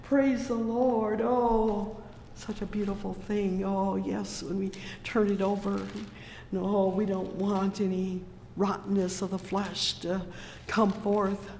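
A preacher talks through a sermon at an unhurried pace, reading verses in old scripture wording. The delivery stays level, with little rise and fall. The voice rings out in a roomy hall with a long echo. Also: mid-range voice, flat delivery, a little mellow, a little hiss or hum. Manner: punctuates with "oh, yes" and "praise the Lord"; reads scripture in King James wording.

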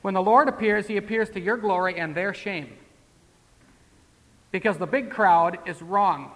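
A pastor with a high, fairly bright voice preaches a sermon at a measured pace. His style is folksy and conversational, peppered with rhetorical questions and side remarks, and a long hall reverb surrounds the recording.

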